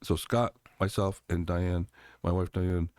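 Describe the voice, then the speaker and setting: A man's voice: low voice, little pitch movement, measured pace, darkish tone, no echo, clean studio sound. A middle-aged man, a congressional candidate, talking emphatically in an interview and telling stories with quoted voices. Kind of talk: animated political interview talk.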